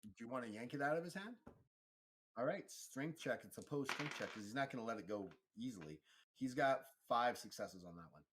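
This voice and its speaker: A man running a tabletop role-playing game as game master, explaining rolls and narrating the action in a relaxed, halting way. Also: medium pitch, breathy edge. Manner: relaxed, halting, with frequent fillers and restarts.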